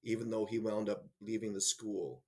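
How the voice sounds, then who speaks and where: A man's voice: on the low side, flat delivery, moderate pace, mellow, breathy edge. A middle-aged man, a school leader, speaking reflectively and telling a personal story in a roundtable discussion. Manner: reflective storyteller, acts out quoted voices.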